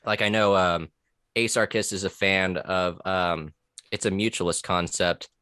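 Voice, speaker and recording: Deep-voiced man rambling casually. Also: steady tone, a little slow, pushed and bright, smooth, no room sound, studio quality. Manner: rambling, profane, with many fillers and restarts. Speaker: podcast guest, former corrections officer. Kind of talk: casual conversational podcast.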